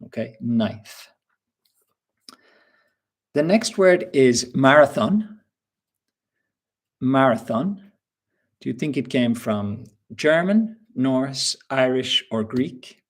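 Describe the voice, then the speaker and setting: Slow, husky male English teacher. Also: medium pitch, animated. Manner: slow, patient, quizzes viewers with questions. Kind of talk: live webinar lesson.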